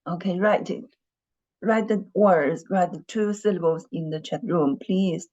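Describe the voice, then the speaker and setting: A woman leads an online dictation lesson, speaking patiently, repeating words and often clearing her throat. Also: on the low side, unhurried, dark tone, muffled recording. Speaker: Mandarin teacher.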